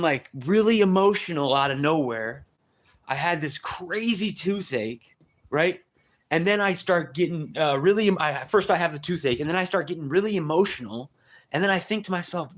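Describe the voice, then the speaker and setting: Rambling man telling a story on a live stream. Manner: rambling, repeats "right?" and "dude", many restarts; grows loud and high-pitched when excited.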